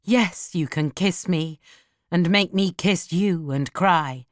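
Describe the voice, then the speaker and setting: A woman reading an audiobook and voicing a brooding, heartbroken young man, speaking low and reproachfully. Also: slow pace, no echo, studio quality. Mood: anguished.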